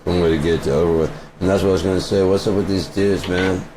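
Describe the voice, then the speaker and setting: Very deep-voiced man ranting bluntly. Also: fast, low-quality recording. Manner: profane, blunt, fires off rhetorical questions. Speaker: vlogger. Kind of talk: rambling opinion rant. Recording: steady vehicle road noise behind voice.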